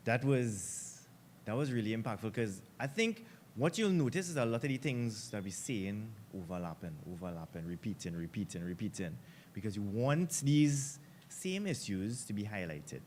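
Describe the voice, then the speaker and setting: A man hosts an event and introduces speakers in relaxed, joking patter. His voice sits at a middle pitch, with faint room ambience behind it. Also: normal speed, a little hiss or hum. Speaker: event host. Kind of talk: casual emcee patter.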